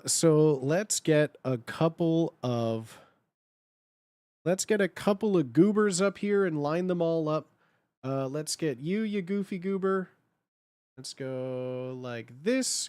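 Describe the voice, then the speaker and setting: A man's voice: fairly high pitch, a little mellow, clean tone, no room sound. A man chatting casually on a live stream while he edits slides, thinking aloud and repeating his phrases.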